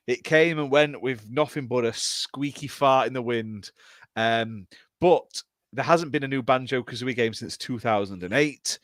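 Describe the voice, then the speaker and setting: Brash British podcast host, dry mic. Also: male voice, medium pitch, fairly bright tone, no room sound. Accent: British English. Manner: brash banter, swears freely. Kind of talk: casual podcast chat.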